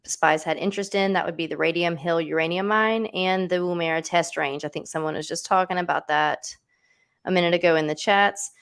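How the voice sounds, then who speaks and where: A woman hosting a livestream, telling a true-crime story in a casual, chatty way with lots of asides. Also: fairly low pitch. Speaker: host.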